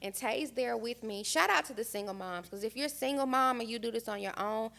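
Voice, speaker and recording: A young American woman speaks on a podcast with a fairly high, gravelly voice. She tells her story candidly and with feeling, animated and open. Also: brisk. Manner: emotional, frank, animated retelling. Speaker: podcast guest. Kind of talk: candid storytelling in casual chat.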